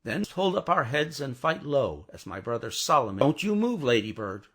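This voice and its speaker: A man doing a brisk, bossy old English housekeeper. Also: mid-range voice, very animated, a bit bright, husky, voice pushed up.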